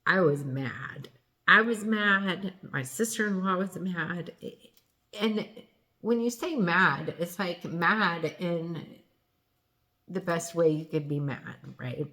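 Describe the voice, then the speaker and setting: A woman telling a painful personal story in an earnest, halting way, often restarting and correcting herself. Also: lowish voice, fairly bright tone.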